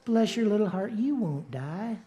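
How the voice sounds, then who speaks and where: A man voicing a smooth-talking male devil with a put-on Southern accent, soft and coaxing. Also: high-pitched, lively intonation, moderate pace, dull audio. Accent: Southern US, put on badly. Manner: soft, coaxing, syrupy drawl.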